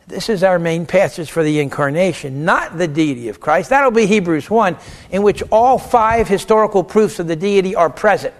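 A man lectures a class on theology, pitched noticeably high for a man. He argues both sides of a question aloud, firing off rhetorical questions and snapping back short answers. His delivery stays animated and emphatic. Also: moderate pace.

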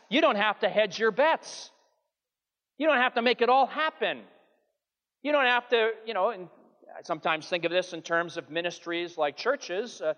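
A man's voice: high voice, fairly bright tone, muffled recording. A man preaching a sermon with earnest, emphatic delivery that rises and falls. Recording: long hall reverb.

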